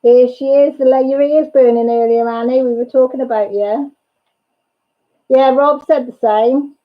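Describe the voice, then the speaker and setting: A woman's voice: high-pitched, steady tone, moderate pace. A woman hosting a casual livestream chat, greeting viewers by name and chatting with her family off-camera. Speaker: livestream host and mother. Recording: dull lo-fi audio.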